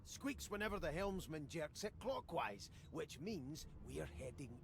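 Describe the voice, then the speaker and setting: An actor playing a scheming, jolly male dwarf sailor in a video game, with a Scottish accent and a sly, drawn-out delivery. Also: on the high side, very animated, gravelly, exaggerated voice. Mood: gleeful scheming. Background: game music.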